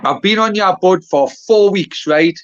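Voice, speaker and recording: On a live stream, a man from North East England talks in a high voice, a little slowly, with a clear, resonant tone. His Geordie banter is casual, rambling and blunt, full of swearing and self-mockery. The stream audio is dry, dull and lo-fi.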